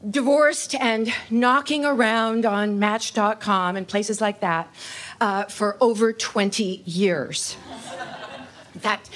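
A middle-aged woman telling a personal story in a measured, slightly hesitant way, with frequent ums. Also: fairly high pitch, a bit bright.

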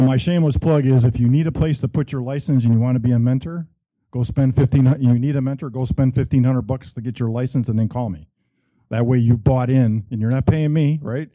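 A middle-aged man, a real estate broker, pitching his services at a meetup in a plainspoken way, often correcting himself. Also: mellow, dry recording. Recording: dull lo-fi room audio.

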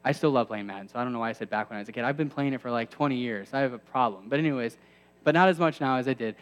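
A man's voice: medium pitch, racing, smooth, long reverb tail. A man in his thirties preaching a sermon to a campus ministry, conversational with self-deprecating asides that build to emphatic peaks.

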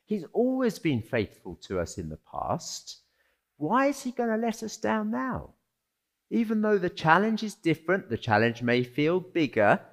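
A male pastor preaches at an unhurried pace, letting his voice leap high and low for emphasis. He keeps it conversational, tossing rhetorical questions at the listeners. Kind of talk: sermon.

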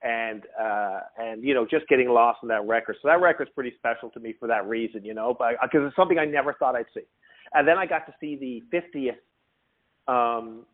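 Male guest from Newfoundland, anecdotal storyteller, thin phone-line sound. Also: mid-range voice. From Newfoundland, Canada. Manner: animated anecdote teller who acts out quotes. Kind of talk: casual storytelling chat. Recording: phone-like narrow audio.

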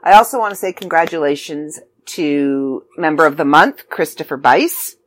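A woman with a low, animated voice talks at a moderate pace while hosting a podcast about her magazine. She's a contributor to it as well, and the casual chat comes out a bit scattered, full of ums and side comments.

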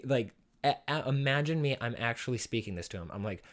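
A man's voice: medium pitch, expressive, a little fast, few pauses. A young man hosting a podcast, telling a comic story in a rambling, profane, self-deprecating way and laughing often. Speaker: podcast host.

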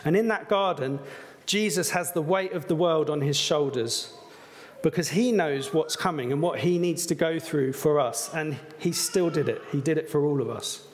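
A man's voice: fairly high pitch, moderate pace, long reverb tail, a little hiss or hum. A man preaching a sermon in an earnest, conversational way, with some fillers. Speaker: pastor.

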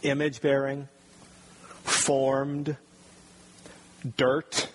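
A man's voice: medium pitch, monotone, drawn-out words, a little hiss or hum. A man preaching a sermon, earnest and building to emphatic points. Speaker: pastor.

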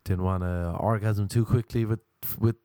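An Irish man with a fairly low voice tells a casual, rambling story, poking fun at himself. The sound is dry and close, with no room echo. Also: fairly even intonation, normal speed, warm tone. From Ireland. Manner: rambling, self-deprecating. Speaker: actor.

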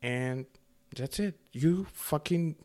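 A man's voice: a little high, slow pace. Profane ranting man from the Middle East. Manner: profane, animated, sarcastic. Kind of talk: casual rant to camera.

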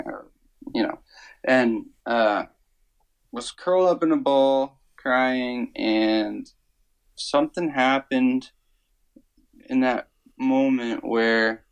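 Slow, earnest man telling a personal story. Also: medium pitch, clean tone, rough recording. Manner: slow, earnest, searching, many fillers. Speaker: worship songwriter guest. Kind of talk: reflective interview storytelling.

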